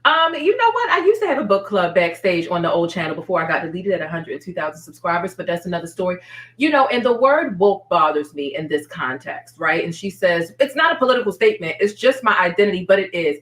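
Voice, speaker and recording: A woman's voice: on the low side, very animated, a little fast, distant mic. Slangy woman hosting a roomy live stream. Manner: chatty, slangy, addresses viewers directly. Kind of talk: casual live-stream chat.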